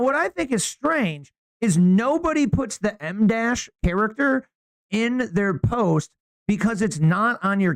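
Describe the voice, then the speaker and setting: A man co-hosting a podcast, chatting casually in slangy, animated storytelling. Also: high voice, no room sound. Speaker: podcast co-host.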